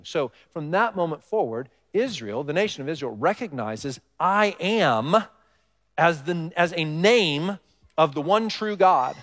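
A man's voice: a little high, animated, unhurried, a bit bright. A male pastor delivering a sermon in a conversational way, often asking the congregation questions. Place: church hall with congregation. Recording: long reverb of a large hall.

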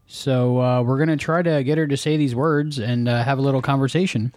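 Very deep-voiced woman coaxing a toddler. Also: fairly even intonation, brisk, a little mellow, no echo, studio quality. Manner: patient, encouraging, repeats simple questions. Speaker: podcast host. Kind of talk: casual home recording, coaxing a toddler to speak.

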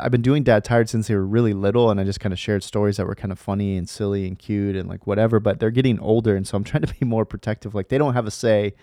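Earnest low-voiced man, dry podcast. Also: a little mellow, no echo. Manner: earnest, rambling, frequent fillers and restarts. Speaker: podcast host. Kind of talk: casual faith podcast talk.

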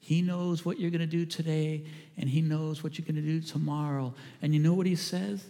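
A man preaching a sermon as a pastor, earnest and warm in his pleading, often dropping to a hushed voice. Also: a little high, level tone, normal speed, long reverb tail. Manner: earnest, drops to a hushed voice for quoted lines. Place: church sanctuary.

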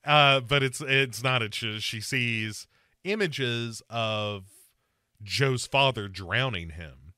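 A man's voice: mid-range voice, slow, pushed and bright, no echo, clean studio sound. A man hosting a podcast, casually recapping a movie with wry mock quotes. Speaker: podcast host. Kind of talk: casual movie review chat.

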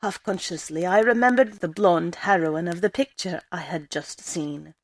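Low-voiced woman reading a story. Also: normal speed. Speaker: story reader. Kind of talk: first-person story narration.

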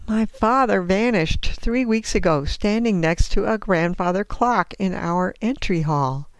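A woman's voice: medium pitch, unhurried, smooth, dry recording, voice pushed up, close to an everyday voice. A woman voicing an anxious, earnest, polite thirteen-year-old boy searching for his missing father.

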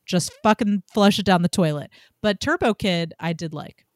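Animated, foul-mouthed woman podcast host. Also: on the low side, normal speed, no echo, clean studio sound. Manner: animated, swearing, lots of "like". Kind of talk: casual film chat.

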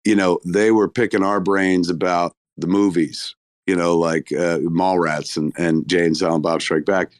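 A man's voice: low-pitched, steady tone, normal speed, dry recording. A man chatting casually as a guest on a live online audio room, effusive and profane, talking in bursts with restarts. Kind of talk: casual chat.

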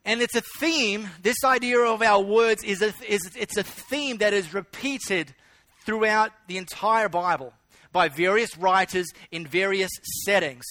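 A man's voice: high voice, measured pace, sharp tone, no echo. A man preaching a sermon, telling a story and stressing his key phrases through repetition. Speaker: pastor.

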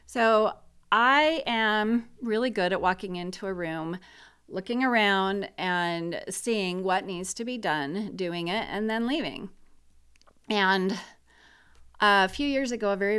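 A woman's voice: medium pitch, a bit bright, clean tone. A middle-aged woman talking casually and bluntly about grief and support, frank and opinionated.

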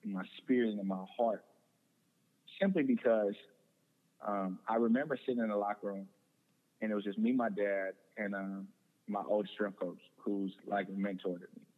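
A man's voice: fairly low pitch, steady tone, moderate pace. A young man telling a personal story in an earnest way, often repeating words and restarting. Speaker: guest. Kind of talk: personal testimony in conversation. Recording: tinny phone-like sound with long reverb.

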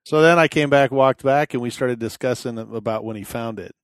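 Man, relaxed chatter among friends, dry close sound. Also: mid-range voice, a little fast, smooth, dry recording. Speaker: friend in the chat. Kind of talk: casual chat.

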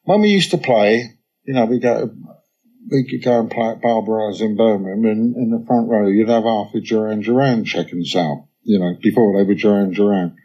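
Lowish-voiced guy in his 60s, chatty, telling old stories at a club talk. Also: moderate pace, dull audio. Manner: chatty anecdotes, frequent "you know", quotes others in lively bursts. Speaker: interview guest, musician. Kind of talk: casual conversational storytelling. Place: club on-stage conversation.

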